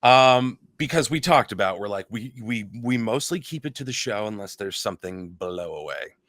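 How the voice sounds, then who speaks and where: A man co-hosting a podcast in casual chat, animated and profane, slipping into mocking voices. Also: fairly low pitch, normal speed, no room sound, clean studio sound. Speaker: podcast co-host.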